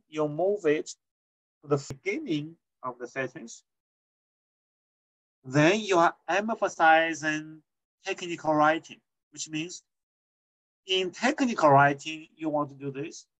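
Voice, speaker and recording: A man's voice: fairly high pitch, fairly bright tone, poor audio. A man with a Chinese accent giving a university lecture on technical writing, explaining step by step with frequent "okay" check-ins. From China.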